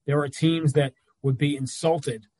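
A man, a radio play-by-play announcer, talking sports as a guest on a video call, telling animated stories with quick asides. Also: fairly high pitch, no room sound, low-quality recording. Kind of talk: casual sports talk over video call.

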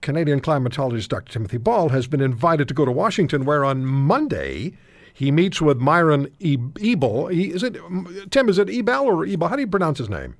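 A male talk radio host delivers emphatic commentary and interviews guests, restarting his thoughts as he pushes a point. His pitch is lively and animated. The sound is dry and close to the studio mic. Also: brisk, dry recording.

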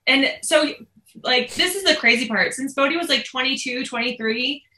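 A woman in her thirties, a podcast guest telling a family story in casual, animated conversation. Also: high-pitched, moderate pace, echoey room, a little hiss or hum, low-quality recording. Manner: animated, lots of "like", acts out quoted lines.

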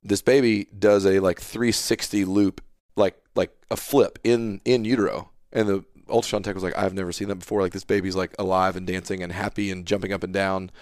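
A man's voice: low-pitched, fairly quick, hardly any pauses, no echo, clean studio sound. A man in his thirties, a pastor and podcast guest, earnestly telling a personal story and acting out the dialogue. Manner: earnest, animated storyteller who retells dialogue. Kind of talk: casual storytelling conversation.

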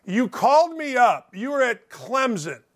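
A man's voice: very high voice, big pitch swings, a little slow. A man from Indiana hosting a sports talk show, telling stories with energy and emphasis.

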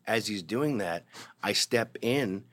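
A man's voice: lowish voice, animated, slow, fairly bright tone. Profane middle-aged man telling a story. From Canada. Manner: profane, vivid storyteller who acts out other people's voices. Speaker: interview guest. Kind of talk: animated anecdote in casual interview.

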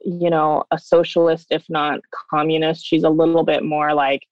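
A woman's voice: sits low, little pitch movement, normal speed, a little mellow, dry recording. A woman guest talking casually and rambling a little, with plenty of fillers, in an interview. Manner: chatty, rambling, with many fillers. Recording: dull, dry remote recording.

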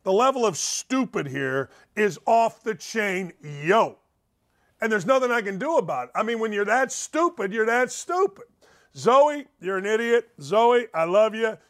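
A male talk show host with a high-pitched voice reads news pieces aloud and mocks them. He is sarcastic and incredulous, one moment loud and the next muttering under his breath. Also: lively intonation, moderate pace. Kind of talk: mocking commentary on news articles.

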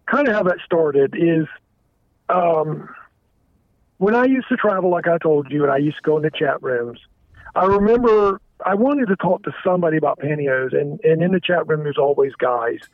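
A man calling in to a show, talking candidly and haltingly, often stammering and restarting his sentences. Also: on the high side, lively intonation, dry recording. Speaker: caller. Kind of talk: candid confessional phone call. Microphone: telephone. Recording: tinny dry phone line.

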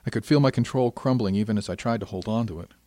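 A man reading a first-person science fiction story in a measured, reflective way. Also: fairly low pitch, dark tone, no echo. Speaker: audiobook narrator. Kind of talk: scripted first-person narration.

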